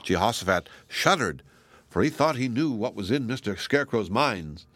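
A man narrating a children's storybook with lively, expressive delivery. His voice is bright and forward, and the recording is dry and close. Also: lowish voice, moderate pace, no echo. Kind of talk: storybook reading.

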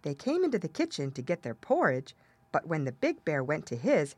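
A woman narrating a children's fairy tale in a measured storytelling manner. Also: deep voice, huge pitch swings, a little mellow, slightly rough, no echo. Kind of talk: storybook reading.

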